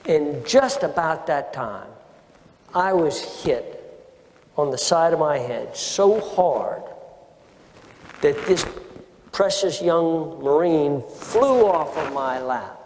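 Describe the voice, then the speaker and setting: Slow, emphatic older man in a reverberant room. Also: fairly high pitch, expressive, darkish tone, a little hiss or hum. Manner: slow, deliberate, emphatic retelling with repetitions. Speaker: former Marine officer recounting combat. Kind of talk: oral history storytelling.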